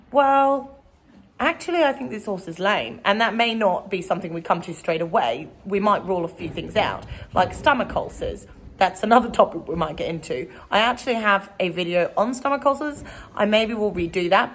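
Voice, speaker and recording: A woman's voice: mid-range voice, expressive, moderate pace, a bit bright. A woman, a horse trainer, talking casually and at length to a camera outdoors in a rambling vlog. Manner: chatty and rambling.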